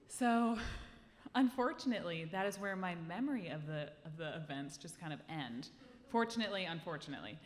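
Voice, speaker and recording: A woman telling a personal story live on stage into a handheld mic, animated and acting out the scene for the audience. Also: fairly low pitch, brisk. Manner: lively, animated, acts out the scene. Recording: live hall reverb, faint room noise.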